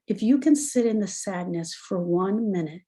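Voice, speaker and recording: A woman's voice: mid-range voice, moderate pace, warm tone. Earnest woman coaching through grief. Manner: earnest, encouraging, speaks straight to the listener. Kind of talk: motivational talk.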